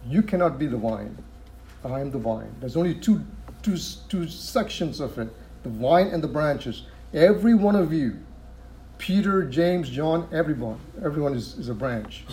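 A man's voice: fairly high pitch, animated, moderate pace, warm tone, slight background noise. A man teaching a sermon, reading scripture aloud and explaining it, who repeats phrases for emphasis and asks rhetorical questions. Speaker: preacher.

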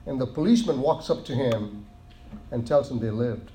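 A man preaching a sermon in an earnest way, often restarting phrases and slowing down to stress key words. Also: medium pitch, warm tone.

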